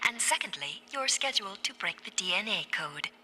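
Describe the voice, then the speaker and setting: A woman voicing a calm female lab computer in a cartoon, with an even, informative, machine-like delivery. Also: mid-range voice, a little fast, slight background noise.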